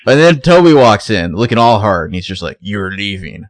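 Low-voiced man in sarcastic recap chat. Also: big pitch swings, a little fast, no echo. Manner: jokey, sarcastic, acts out quotes. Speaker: podcast co-host.

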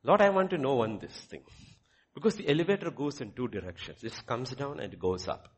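Guy preaching sunday sermon, pitch all over the place, keeps throwing questions at the crowd. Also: lively intonation, brisk, husky. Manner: preaching with rising emphasis and rhetorical questions. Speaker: pastor.

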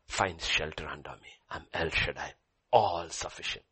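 A man preaching a sermon to a congregation in church, swinging from low murmurs to high excited cries. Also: normal speed, breathy edge.

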